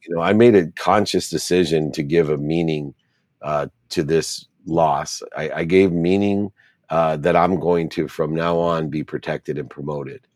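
A man's voice: very deep voice, fairly even intonation, measured pace, darkish tone, no room sound, studio quality. A middle-aged man, an interview guest, telling his life story in an earnest, reflective way and stacking repeated phrases.

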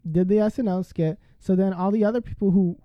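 A woman's voice: mid-range voice, fairly even intonation, fairly quick, mellow, no echo. A woman co-hosting a podcast in casual chat, rambling with slang, fillers and acted-out quotes. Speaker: podcast co-host.

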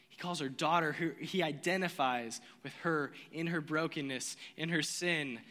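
Bright-voiced male preacher in a reverberant hall. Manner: dramatic, swings from loud and quick to low and slow; casual slang mixed into preaching. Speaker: pastor. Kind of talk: sermon.

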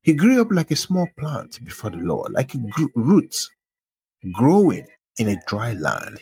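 A man with a husky, low voice reads Bible verses aloud, naming each book and verse before he reads it. His delivery swings widely in pitch and lands with emphasis, and the sound is close and dry. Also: a little mellow, no room sound. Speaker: scripture reader.

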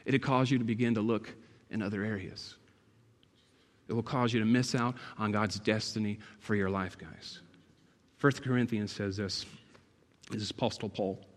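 A man preaching a sermon in a church, emphatic and building to loud, passionate peaks. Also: fairly low pitch, fairly even intonation, normal speed, long pauses. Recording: long hall reverb.

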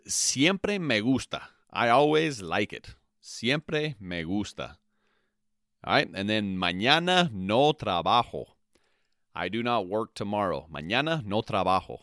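A man teaches a podcast language lesson at an unhurried pace, his pitch rising and falling a lot as he repeats each phrase. His voice sits on the low side. The sound is close and dry. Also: fairly bright tone, dry recording. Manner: slow, repetitive, spells out phrases twice with translations; checks in with "okay?" and "all right". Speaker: Spanish teacher, podcast host.

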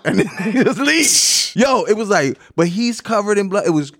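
A man chatting casually on a podcast, telling stories in an animated way, acting out quotes and swearing freely. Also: sits high, fairly quick, few pauses, dry recording, clean studio sound. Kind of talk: casual chat.

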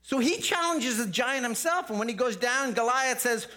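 A man's voice: very high voice, animated, normal speed, few pauses, pushed and bright. A male pastor giving a sermon, reading scripture and then talking in an earnest, conversational way with frequent restarts.

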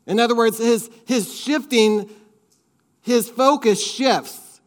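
High-voiced man preaching earnestly. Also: slow. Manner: earnest, conversational preaching with repeated phrases. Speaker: pastor. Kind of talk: sermon.

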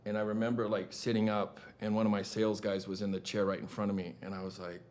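Male guest with a low voice; blunt, matter-of-fact, candid storyteller. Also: little pitch movement, fast, a little mellow.

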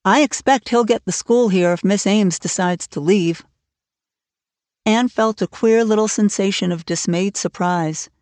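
A woman narrating a classic novel aloud in a steady, clear storytelling manner. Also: medium pitch, a little slow, no echo. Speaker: audiobook narrator. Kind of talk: scripted narration.

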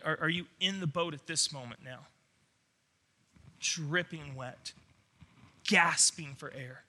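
A man's voice: a little high, slow, pauses often, sharp tone. A man preaching a sermon, earnest and emphatic, often restarting his words. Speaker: pastor.

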